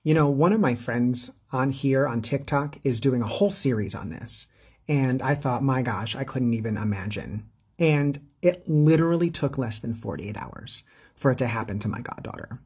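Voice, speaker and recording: A woman's voice: extremely low pitch, darkish tone, husky. A woman telling stories in a casual vlog, sassy and blunt, swearing freely. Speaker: storyteller.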